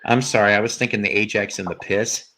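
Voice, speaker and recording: A man with a fairly low voice talks loosely on a music stream. He reminisces and wanders, often restarting his sentences as he goes. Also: steady tone, fast talker, over a noisy crowd. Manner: rambling, reminiscing, with frequent restarts. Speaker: co-host of a music stream show. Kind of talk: casual chat.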